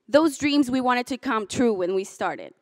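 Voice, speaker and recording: A woman's voice: a little high, expressive, unhurried, no room sound, studio quality. Young woman giving an emotional graduation speech. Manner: emotional, chokes up and laughs through tears, then jokes with the crowd. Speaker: graduating student speaker. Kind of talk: commencement speech. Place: hotel ballroom.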